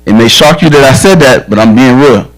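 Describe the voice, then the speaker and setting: A man's voice: mid-range voice, a little fast, rough recording. A man who is a police officer, giving a direct, earnest safety talk to children at a church camp and telling stories from his own life. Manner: direct, earnest, frank storytelling.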